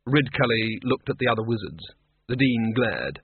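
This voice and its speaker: A man narrating an audiobook in a dry, measured way. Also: mid-range voice, sing-song, breathy edge. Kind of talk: audiobook reading. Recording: tinny phone-like dry audio.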